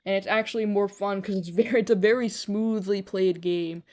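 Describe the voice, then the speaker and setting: A young woman talks off the cuff while she plays a game on a live stream. Her voice sits at an ordinary middle pitch. She rambles through loose, filler-heavy sentences, swears casually and jokes at her own expense. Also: steady tone, normal speed, darkish tone.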